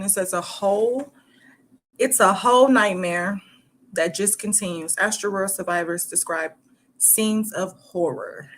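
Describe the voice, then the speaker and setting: A woman from Michigan hosting her own channel, reading a news article aloud in a halting way and breaking off into casual asides full of "like" and "you know.". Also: medium pitch, fairly bright tone, a little hiss or hum. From Michigan, United States. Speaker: host.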